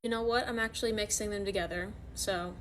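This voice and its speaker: A woman's voice: mid-range voice, steady tone, fast, noisy background. A woman with a slightly sick voice chatting through a makeup tutorial as she works. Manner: chatty, self-narrating while working. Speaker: makeup vlogger.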